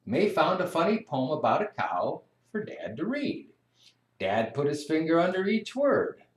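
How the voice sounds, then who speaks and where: A storyteller reading a children's picture book aloud in a slow, expressive, sing-song way. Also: mid-range voice. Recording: echoey room.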